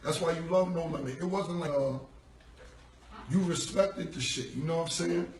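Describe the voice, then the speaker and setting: A rapper speaking on a live stream recounts a lengthy story from his past, using loose, profane street slang and acting out what others said. He has a fairly high voice and a moderate pace. The audio comes from a phone at a distance in a room, sounding echoey with slight background noise.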